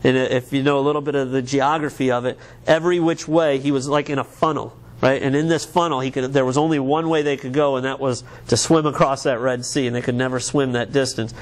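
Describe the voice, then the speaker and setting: A man's voice: mid-range voice, steady tone, fairly quick, few pauses. A man from the United States, a pastor preaching a sermon in an earnest, conversational way, often restarting his words.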